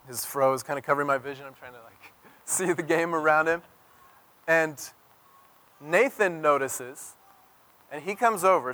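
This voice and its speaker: Male pastor, sermon, fairly high voice, storytelling, loud then soft. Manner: storytelling, swings from loud emphasis to near-whisper.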